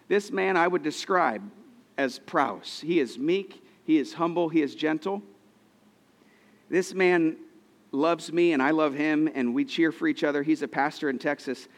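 A man preaching a sermon as a pastor, earnest and storytelling, with frequent repeated phrases. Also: a little high.

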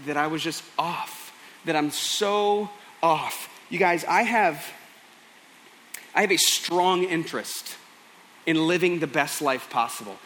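A man's voice: a little high, slow, sharp tone, slight background noise. A male pastor preaching a sermon, earnest and pleading as he tells a story.

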